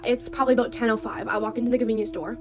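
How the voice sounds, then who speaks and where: A woman's voice: a little high, fairly even intonation, very fast, rough recording. A young woman, a university student, telling a personal story in an urgent, chatty way and often checking in with "okay?". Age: young adult. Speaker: storyteller in a clip. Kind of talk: casual storytime monologue.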